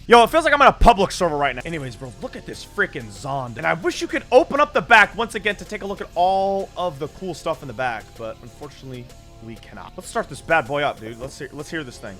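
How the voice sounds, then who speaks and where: Excitable young man, high lively voice. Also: quick pace. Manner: excitable, blurts loud exclamations. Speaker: gaming YouTuber. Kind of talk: excited gameplay commentary. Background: game music.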